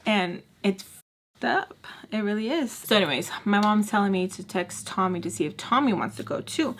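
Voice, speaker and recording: A young woman chatting through a storytime vlog while doing her makeup, acting out the people in her story with sudden high-pitched bursts. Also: moderate pace. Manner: chatty, animated, acts out quoted people with big pitch jumps. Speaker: storytime vlogger.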